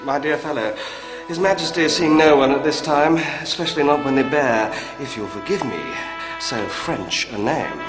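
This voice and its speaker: An actor playing a haughty, smooth court official speaking with polite condescension in a radio drama. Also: male voice, on the high side, moderate pace, hardly any pauses, roomy sound, big-room sound, music in the background, natural voice, rough recording. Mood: condescending.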